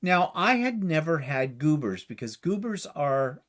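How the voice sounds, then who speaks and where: Middle-aged man from Canada, chatty storyteller, fairly high voice, very lively pitch, casual livestream chat. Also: unhurried. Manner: chatty storyteller, laughs easily. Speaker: co-host.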